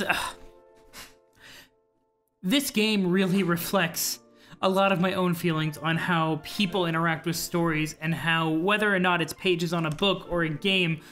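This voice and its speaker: A let's play creator giving reflective, soft-spoken commentary while playing a video game. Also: mid-range voice. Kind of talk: emotional gameplay commentary.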